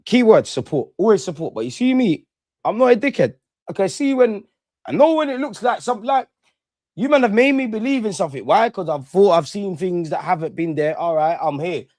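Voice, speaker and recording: High-voiced man ranting on stream. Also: a little fast, no echo, studio quality. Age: 30s. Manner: animated, slangy, swings between loud and muttered. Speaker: livestream host. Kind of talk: casual livestream rant.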